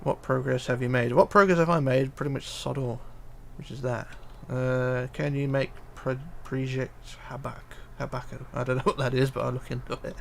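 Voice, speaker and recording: A man's voice: mid-range voice, completely flat delivery, normal speed, creaky, hardly any pauses, slight background noise. A man streaming live, reading viewer comments aloud and muttering to himself as he builds, with hesitant fillers. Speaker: livestreamer. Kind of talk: casual live stream chat while building.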